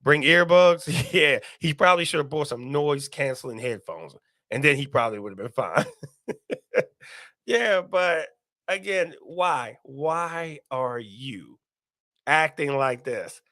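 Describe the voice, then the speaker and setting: Animated gravelly-voiced man live-streaming. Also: fairly high pitch, a little slow, no echo, studio quality. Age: adult, parent. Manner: animated, repeats himself, reads viewer comments aloud. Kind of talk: casual live-stream commentary.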